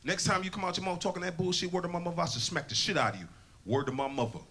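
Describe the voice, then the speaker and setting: A man's voice: high voice, very fast, noisy background. A man voicing a hot-tempered mailman who threatens and repeats a slang catchphrase. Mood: threatening. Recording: audience laughter from comedy club crowd.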